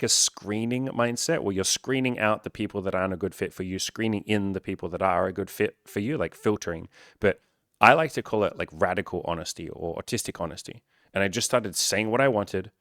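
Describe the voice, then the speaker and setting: A man's voice: on the low side, no echo, clean studio sound. A young man talking casually to camera as a dating coach, candid and full of swearing and filler words.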